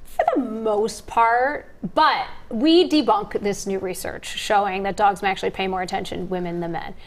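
A woman's voice: mid-range voice, moderate pace. A woman anchor on a TV news show, chatting casually on air and often breaking into laughter.

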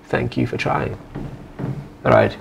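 A man's voice: mid-range voice, huge pitch swings, takes it slowly, vocal fry. A man playing a stern, exasperated interviewer in a comedy skit, with music playing under him.

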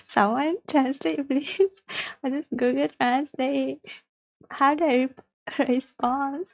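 High-voiced, unhurried woman streamer. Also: fairly even intonation, vocal fry, no room sound. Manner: chatty, giggly, reads viewer chat aloud. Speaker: livestreamer. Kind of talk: casual livestream chat while gaming.

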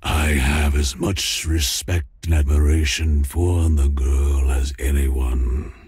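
An actor playing a smug, menacing crime boss in a noir game, with a deep gravelly voice and a slow, threatening manner. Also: male voice, flat delivery, a little mellow, no room sound, heavily acted.

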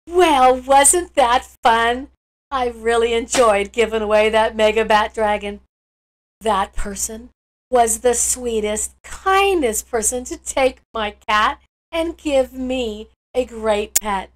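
A woman's voice: on the high side, slow, low-quality recording. A woman hosting a gameplay video, gushing with sweet enthusiasm and gasping often. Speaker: channel host. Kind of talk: excited gameplay commentary.

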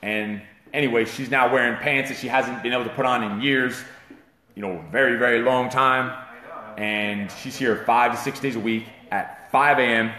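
A man's voice: mid-range voice, steady tone, normal speed, pushed and bright, echoey room. A man hosting a live fitness talk show, rambling and profane, hyping up a client's progress. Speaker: fitness trainer and show host. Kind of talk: casual livestream talk.

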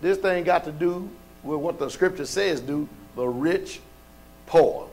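A male pastor preaching a sermon in a colloquial, folksy way, firing off rhetorical questions and sometimes rising to shouts. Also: fairly high pitch, a little slow, soft background music.

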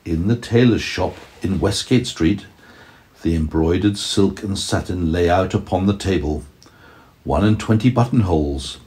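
A man reading a storybook aloud to his young child at home, gently pausing to ask questions. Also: lowish voice, slight background noise. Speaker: parent telling a story to a toddler.

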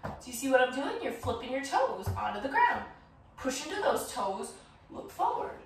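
A woman's voice: sits high, sing-song, moderate pace, faint music behind. A woman leading a children's yoga class with a playful, encouraging, sing-song manner. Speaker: kids yoga teacher. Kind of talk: guided kids yoga instruction. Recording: very echoey room from a distance.

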